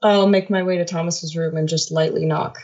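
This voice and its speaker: A woman plays her character in a tabletop game, saying what she does in a quiet, matter-of-fact way. Her voice is on the low side for a woman. Her mic sounds dull and lo-fi. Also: fairly even intonation, a little fast. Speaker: player. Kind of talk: tabletop role-play.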